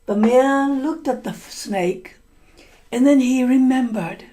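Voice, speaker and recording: A woman's voice: high voice, takes it slowly, dark tone. A woman telling a folk tale to English learners, repeating and rephrasing lines and explaining words as she goes. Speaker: storyteller and English teacher.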